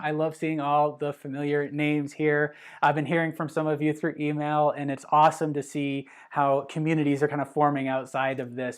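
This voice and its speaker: An art instructor hosting a live drawing session, talking through each step in a relaxed, chatty way with many fillers and self-corrections. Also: medium pitch. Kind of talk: live drawing demonstration, thinking aloud.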